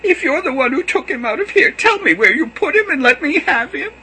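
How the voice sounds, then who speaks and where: Man doing a high sobbing woman's wail. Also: big pitch swings, a little fast, pushed and bright, slight background noise, heavily acted, rough recording. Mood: pleading. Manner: high strained falsetto wail. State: crying. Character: grieving woman disciple, sobbing.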